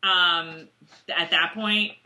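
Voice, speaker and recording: A woman's voice: fairly low pitch, steady tone, takes it slowly, sharp tone. A woman co-hosting a casual chat show, giggling often and slipping into playful put-on accents. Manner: giggly, slips into playful mock British accents. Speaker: podcast co-host.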